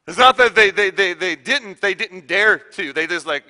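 A man's voice: sits high, expressive, moderate pace, hardly any pauses, sharp tone, big-room sound. A man preaching a sermon to a congregation, telling stories with animation and reading scripture with strong emphasis. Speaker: pastor.

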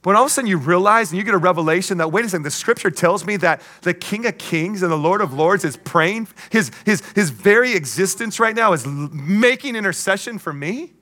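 Pastor guy preaching hard, high bright voice, keeps asking the crowd are you with me, cracks little jokes. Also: lively intonation, a little fast, few pauses. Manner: emphatic, call-and-response preaching; playful asides and jokes. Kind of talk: sermon.

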